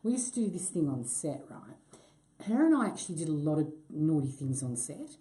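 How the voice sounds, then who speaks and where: An actress answering fan questions in a live chat, self-deprecating and quick to laugh. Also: female voice, deep voice. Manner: self-deprecating, laughs easily, lively swings in tone. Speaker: actress and guest.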